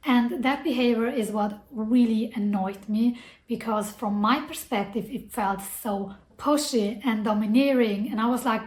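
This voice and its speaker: Woman, higher voice, reflective and earnest, casual fillers, roomy echo. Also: a little slow, darkish tone. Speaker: self-development vlogger. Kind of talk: personal advice talk to camera. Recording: echoey room.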